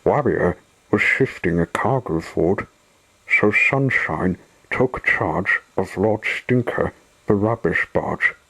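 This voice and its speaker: A male storyteller reading a children's book aloud, taking his time with each sentence. His voice sits low and sounds breathy. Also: lively intonation, slow, sharp tone, low-quality recording.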